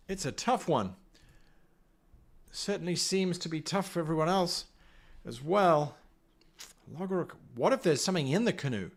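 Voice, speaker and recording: A man's voice: fairly high pitch, full character voice. A man voicing a young male woodland warrior who nervously second-guesses himself in rambling questions.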